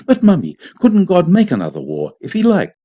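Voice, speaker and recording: A man's voice: high-pitched, wildly swooping pitch, normal speed, warm tone, pitched above the performer's own voice, heavily acted. A man doing an insistent small boy. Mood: demanding. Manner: eager, insistent child's pleading. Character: small boy, jealous and demanding. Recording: dull lo-fi community radio.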